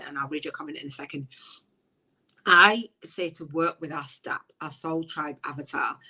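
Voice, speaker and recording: Bright-voiced emotional woman hosting a live podcast. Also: rough recording. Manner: emotional, enthusiastic, rambling with many restarts; frequent high bursts of laughter. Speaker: podcast host. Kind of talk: casual live-stream chat.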